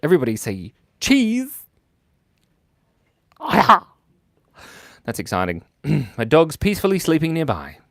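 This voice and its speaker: Playful, lively man hosting a drawing livestream. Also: fairly high pitch, a little slow, pauses often, dry recording, studio quality. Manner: playful, joking and self-mocking; laughs often while talking. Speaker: livestream host drawing for viewers. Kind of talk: casual live chat reading viewer comments.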